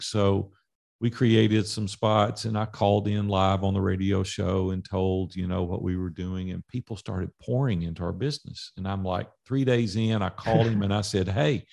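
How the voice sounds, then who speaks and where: A man who is a business coach, a podcast guest telling animated stories and acting out past conversations in dialogue. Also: fairly low pitch, vocal fry. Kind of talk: storytelling in a podcast interview.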